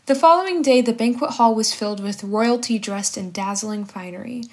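A woman's voice: fairly high pitch, normal speed, hardly any pauses. A woman narrating a short old tale in a scripted, storybook style.

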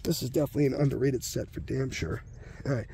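A man's voice: mid-range voice, fast talker, warm tone, slightly rough. A middle-aged man giving laid-back, slangy commentary as he opens card packs. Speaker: card pack opener. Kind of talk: casual commentary while opening packs.

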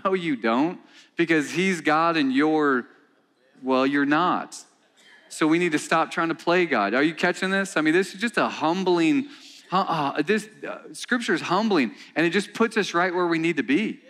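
A male pastor preaching a sermon in a church, animated and conversational, repeating himself and calling out to his congregation. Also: fairly high pitch, moderate pace. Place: church sanctuary.

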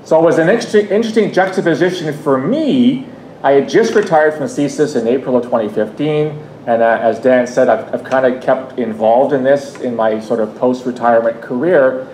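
A man's voice: normal speed, a little mellow. A Canadian man in his fifties giving a public talk, telling a personal story in a conversational way with frequent restarts and asides. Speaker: guest speaker. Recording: echoey room, faint rumble.

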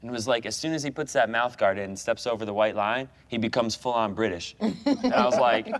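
A man's voice: mid-range voice, fairly quick. A young American man, a guest goalkeeper, telling stories in casual chat with lots of fillers and laughter. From United States. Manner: animated storyteller, laughs often, many fillers.

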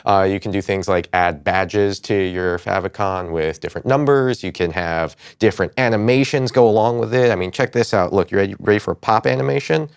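A man's voice: on the low side, brisk, vocal fry, hardly any pauses, clean tone, no room sound, clean studio sound. A man co-hosting a casual web tech news show, upbeat and joking as he runs through links. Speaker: co-host.

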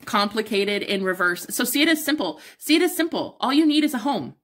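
A young woman giving a casual pick-a-card tarot reading, emphatic and encouraging, with casual swearing and excited exclamations. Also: fairly high pitch, a little fast, a little hiss or hum. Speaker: tarot reader.

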